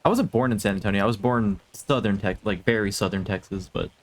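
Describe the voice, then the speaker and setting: A man from the United States chatting casually on a live stream, soft-spoken and a bit hesitant, laughing often. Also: lowish voice, fast talker.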